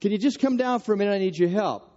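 A man putting on his wife's voice as she calls up the stairs, raised and higher than his own. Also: fast, darkish tone, dull audio, natural voice. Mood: calling. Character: wife calling her husband for help, woman, middle-aged.

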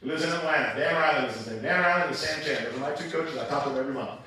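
A male pastor preaches with a bright, fairly high voice, telling stories in an animated, humorous way. His sermon echoes heavily through a large church auditorium. He sounds distant from the microphone. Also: very fast, few pauses. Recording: echoey church hall from far off.

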